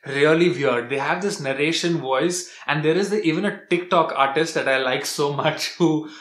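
A young man from India, giving a relaxed, chatty vlog tutorial full of restarts. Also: on the high side, normal speed, reverberant. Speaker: language vlogger.

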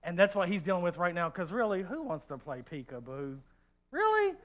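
A man preaching a sermon, animated and joking, swinging from hushed asides to loud outbursts and acting out quoted voices. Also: high-pitched, a little fast, muffled recording. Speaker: pastor.

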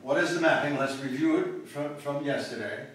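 A man's voice: fairly high pitch, normal speed, a bit bright. A male mathematics professor giving a university lecture, thinking aloud and often checking in with the class. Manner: thinking aloud, frequent restarts and checks with "okay?". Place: large echoey lecture room. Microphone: distant room mic. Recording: very echoey hall, voice from far off, faint noise.

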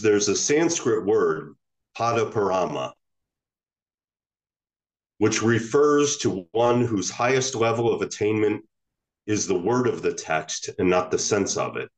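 A man, a Zen teacher, giving a reflective dharma talk and often restarting his phrases. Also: lowish voice.

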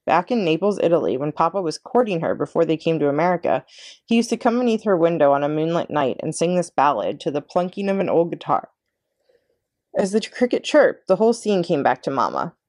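A librarian woman reading a children's chapter book aloud with expressive narration. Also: sits low, a little fast, no echo, studio quality. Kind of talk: read-aloud storybook narration.

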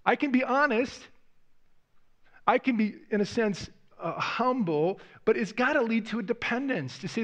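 A man's voice: high-pitched, expressive, normal speed, fairly bright tone. A male pastor preaching a sermon in a church, earnest, often repeating words as he voices heartfelt prayers. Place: church sanctuary.

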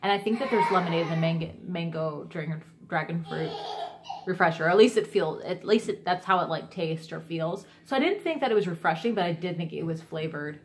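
Her voice runs on the low side as she vlogs a bit quickly, excited and meandering. She keeps restarting and correcting herself amid many fillers, and a faint hiss or hum sits under the recording.

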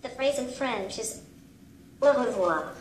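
Robot tutor, female synthetic voice, slow and high-pitched, polite fixed phrases, echoey room. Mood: patient. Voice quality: flat, evenly paced robotic speech. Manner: repeats the same set phrases. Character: small humanoid robot language tutor, polite and patient. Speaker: language tutor. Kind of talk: synthesized speech. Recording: echoey room with faint noise.

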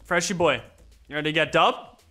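A young man giving excited gameplay commentary, laughing and chatting to opponents. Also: a little high, moderate pace, faint music behind. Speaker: gaming YouTuber.

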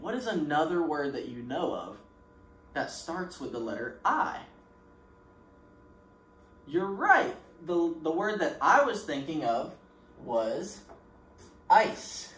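A man teaching a recorded lesson to preschoolers in an encouraging voice. He speaks slowly and leaves pauses for the children to answer. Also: on the high side, fairly bright tone. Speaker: pre-K teacher. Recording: roomy echo with faint background noise.

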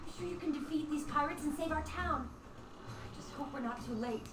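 A woman's voice: high-pitched, a little fast, background noise, lightly acted. An actress playing a young woman in a game who earnestly pleads with the heroes to rescue her captured town. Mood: pleading. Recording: echoey, distant, with game music.

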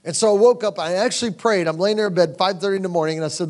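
A man telling a personal story as a conference sermon, conversational and animated, dropping to hushed tones when he quotes himself. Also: sits high, very fast, hardly any pauses. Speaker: conference speaker. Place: conference hall.

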